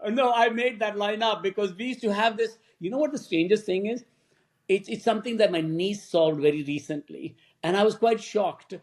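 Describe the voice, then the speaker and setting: A man, a film director, telling lively stories in a podcast interview and acting out what other people said. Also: sits high, moderate pace. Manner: animated anecdotes, acts out quoted voices.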